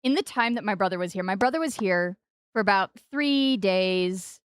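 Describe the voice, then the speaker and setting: A woman in her forties chats casually on a game stream, sitting close to the mic in a dry, deadened room with no echo. Her smooth, clear voice has lively intonation and a normal speed. She playfully jumps into high, sing-song stresses placed on the wrong syllables.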